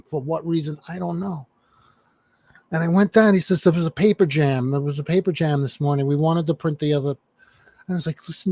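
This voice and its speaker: A man telling a story in casual chat, swearing freely and animated. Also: a little high, no room sound. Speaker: chat participant.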